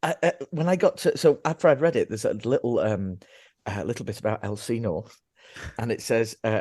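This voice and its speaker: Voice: medium pitch, fairly quick, darkish tone, no room sound. A podcast host, interviewing an author in an enthusiastic, gushing way. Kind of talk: casual interview chat.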